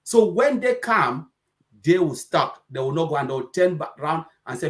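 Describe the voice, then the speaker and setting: A man's voice: fairly high pitch, sing-song, normal speed, fairly bright tone. A man giving an emphatic, preachy, repetitive motivational talk on a webinar, now and then acting out customers' voices. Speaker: presenter.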